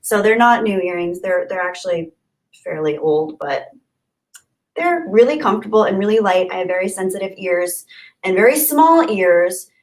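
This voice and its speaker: Hosting a live stream, this woman speaks at a normal speed in a mid-range voice with lively intonation. She reads the chat casually, gushing friendly thanks at viewers, and her chatty, warm manner is full of laughter.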